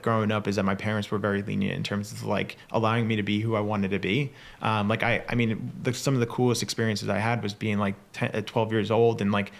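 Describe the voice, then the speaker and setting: A man's voice: lowish voice, gravelly. A man with a New York area accent, a company founder talking passionately as a podcast guest, full of fillers. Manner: fast, filler-heavy, passionate. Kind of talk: casual chat.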